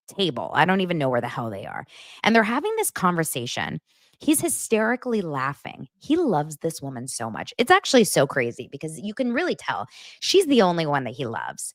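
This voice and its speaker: A woman's voice: fairly low pitch, no echo, clean studio sound. A woman hosting a podcast, recapping a reality show in casual, gossipy chat with sarcastic asides.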